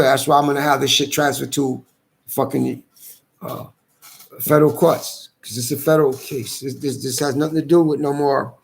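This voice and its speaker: A man's voice: medium pitch, creaky. A man, agitated and repetitive, swearing as he rambles through a complaint. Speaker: vlogger airing a grievance. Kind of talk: angry rambling monologue.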